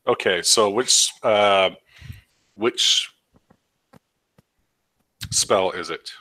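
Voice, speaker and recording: A man's voice: on the low side, drawn-out words, bright, forceful tone, no room sound. A man playing a tabletop game, talking hesitantly with many fillers. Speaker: player.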